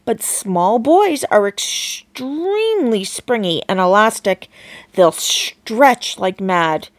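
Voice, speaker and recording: A woman's voice: medium pitch, lively intonation, dry recording. Woman doing a bouncy eccentric chocolate maker. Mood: breezy cheerful. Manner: bouncy, brisk and breezy.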